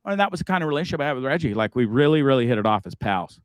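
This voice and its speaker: A man's voice: mid-range voice, animated, very fast, clear, resonant tone, dry recording. A man from Canada hosting a live stream, rambling and remorseful, swearing freely and stammering through restarts. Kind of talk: casual live-stream monologue. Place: inside a bus.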